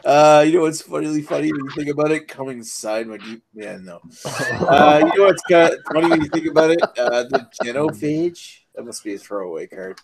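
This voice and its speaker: A man's voice: on the high side, brisk, vocal fry, crowd noise. A man teasing and joking with friends during a party card game. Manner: jokey, teasing. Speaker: player. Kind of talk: casual gaming chat.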